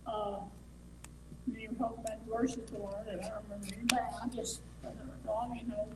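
High-voiced woman, distant in a roomy space. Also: a little fast. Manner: animated, searching for words. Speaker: study group member. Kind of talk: casual Bible discussion. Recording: distant, roomy, faint background noise.

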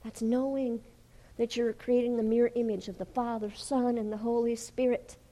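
A woman preaching a sermon and telling a healing story, dropping to hushed whispers and then rising to loud, fervent exclamations. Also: on the high side, level tone, normal speed, poor audio. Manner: storytelling with acted quotes.

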